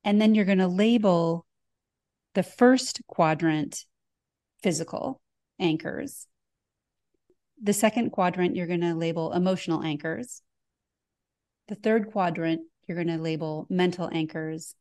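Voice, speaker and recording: Female podcast host, low-pitched and mellow, calm explainer with loose fillers. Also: unhurried, long pauses. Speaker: host giving an exercise. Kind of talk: guided instruction in a podcast conversation.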